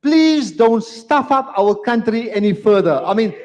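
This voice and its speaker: A man's voice: sits high, expressive, measured pace, noisy background. A man moderating a live debate, talking emphatically and repeating phrases to hold the room. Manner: emphatic, repeats phrases, firm but apologetic. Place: community centre hall, live event. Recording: long hall reverb.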